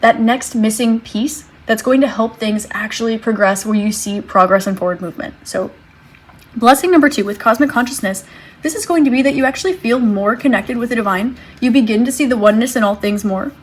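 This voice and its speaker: Breathy woman giving a gentle tarot reading. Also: fairly high pitch, fairly quick. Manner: gentle, reassuring, thinks aloud while drawing cards. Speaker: tarot reader. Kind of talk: tarot reading addressed to viewers.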